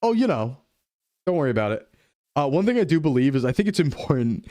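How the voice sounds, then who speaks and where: A young man chatting casually while streaming a game, playful and quick to drop into goofy voices. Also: fairly high pitch, sing-song, dark tone, no echo, clean studio sound. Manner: playful, jumps into goofy voices and dub impressions. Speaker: VTuber streamer. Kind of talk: casual gaming chat.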